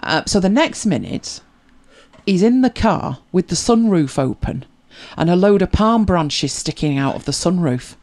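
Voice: mid-range voice, expressive, measured pace, a little mellow. A chatty host, laughing easily and answering viewer questions in casual talk. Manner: chatty, laughs easily, repeats words when starting. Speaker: host of a tech help show.

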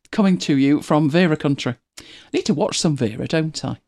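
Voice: medium pitch, normal speed, hardly any pauses. A host chatting casually to viewers on a livestream, rambling and correcting themselves as they go. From United Kingdom. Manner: chatty, rambling, self-correcting, laughs often.

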